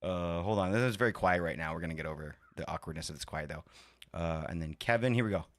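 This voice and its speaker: A man's voice: sits low, fast, dry recording, studio quality. A man hosting a live stream, chatting casually and rambling between talking to his chat and fiddling with his setup. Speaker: livestream host.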